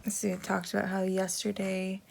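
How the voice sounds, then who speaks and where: Tired young mom with creaky voice. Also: female voice, medium pitch, monotone, moderate pace, background noise. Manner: tired, chatty, sighing, many "like"s. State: exhausted. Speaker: family vlogger, mother. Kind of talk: casual home vlog talk. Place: messy family home, indoors. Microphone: phone held while filming.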